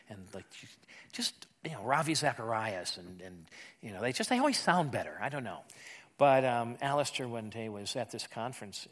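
A man preaching a sermon in a church, speaking in an animated, conversational way with emphatic rises. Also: mid-range voice. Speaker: pastor. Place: church sanctuary.

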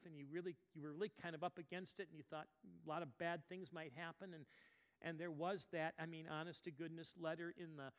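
A man preaching, voicing God as a calm, patient, fatherly male deity who speaks quietly and questions gently. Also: on the high side, close to an everyday voice. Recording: long reverb of a large hall.

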